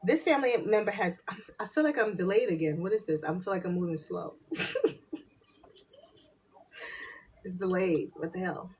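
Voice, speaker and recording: A woman's voice: on the low side, fast, a little mellow, slightly rough. A woman hosting a casual live spiritual reading, chatty and loose, laughing and swearing freely, and often slipping into muttered asides to her viewers.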